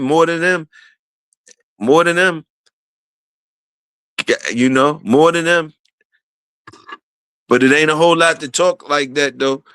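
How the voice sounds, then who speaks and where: A man with a bright, slightly high voice hosts a casual livestream, repeatedly shouting out viewers and returning to his key phrases. The recording is clean, dry, and close.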